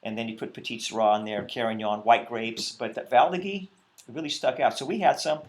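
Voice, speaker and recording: A male winemaker talking casually at a wine tasting, relaxed and hesitant, with many pauses and ums. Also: medium pitch.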